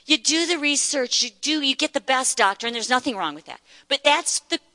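A woman's voice: sits high, animated, brisk, pushed and bright, dry recording, big-room sound. A woman giving an earnest sermon-style Bible teaching at a church meeting, repeating words for emphasis.

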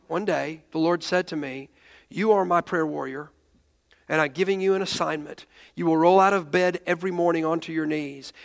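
A man's voice: sits high, creaky, fairly bright tone, in a large hall. A male pastor telling a story in a sermon, emotional, often restarting his sentences and raising his voice when he quotes others.

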